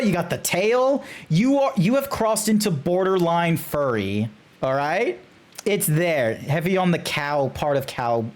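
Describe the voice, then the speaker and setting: A man streaming live, rating fan character art in a loose, rambling way, often restarting, swearing and laughing. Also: on the high side. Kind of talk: casual live-stream commentary.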